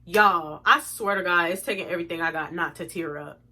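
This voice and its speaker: A young woman telling an exasperated storytime to her viewers, animated and swearing freely. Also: on the low side, fairly quick. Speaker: vlogger. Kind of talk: storytime vlog.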